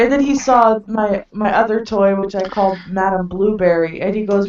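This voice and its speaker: A woman's voice: mid-range voice, normal speed, long pauses, a little mellow. A mother telling a story in casual chat, chatty and often laughing through it. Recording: echoey room, distant from mic, dull lo-fi sound.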